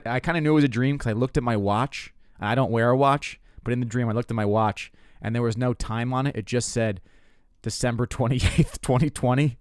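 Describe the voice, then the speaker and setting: Rambling, profane young comedian. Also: male voice, mid-range voice, darkish tone, smooth, no echo, clean studio sound. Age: 20s. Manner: rambling, profane, self-mocking storytelling with frequent restarts. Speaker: comedian podcast host. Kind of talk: casual comedic monologue.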